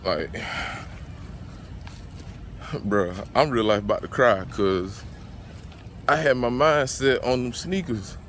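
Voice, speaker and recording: A man's voice: mid-range voice, takes it slowly, long pauses, fairly bright tone, slight background noise. A man with a Southern US accent ranting in a casual sneaker vlog from his car, agitated, slangy and profane. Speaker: sneaker vlogger.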